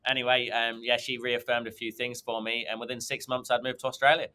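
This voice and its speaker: A man's voice: mid-range voice, little pitch movement, a little fast, bright, forceful tone, smooth. A man, a podcast guest, telling a long personal story in a rambling way, with many ums and restarts. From England. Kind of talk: conversational storytelling.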